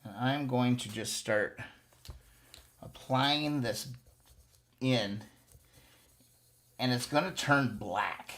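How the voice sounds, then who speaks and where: A man's voice: medium pitch, drawn-out words, pauses often, fairly bright tone. A man hosting a live stream, chatting casually and coaching viewers step by step through a hands-on task. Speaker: host of a motorcycle restoration live stream.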